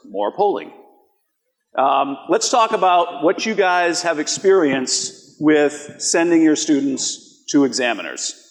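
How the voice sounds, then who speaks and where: A man giving a conference presentation, walking an audience through live polls in a conversational way and often asking them rhetorical questions. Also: fairly high pitch. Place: conference hall. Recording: long reverb of a large hall.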